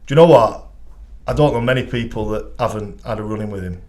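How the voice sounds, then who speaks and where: A man with a Northern English accent, a goalkeeping coach telling animated, sweary stories as a podcast guest, laughing as he goes. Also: on the low side, fast talker. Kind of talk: anecdotal storytelling chat.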